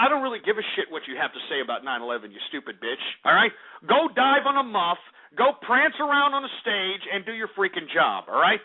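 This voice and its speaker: A man hosting a radio show, delivering an angry, profane, sarcastic rant. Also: sits high. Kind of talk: ranting talk radio monologue. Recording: tinny phone-line internet radio.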